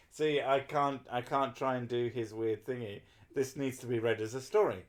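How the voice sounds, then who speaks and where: A tipsy man streaming, chatting in a silly, laughing way and doing deadpan mock readings. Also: mid-range voice, moderate pace. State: a bit drunk. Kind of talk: tipsy casual stream chat.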